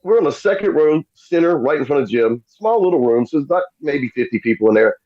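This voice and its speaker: A man's voice: a little high, a little fast. Guy, middle-aged, spinning a yarn on a podcast, slightly dull sound. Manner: animated, acts out quoted voices. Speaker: podcast guest. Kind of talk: casual storytelling.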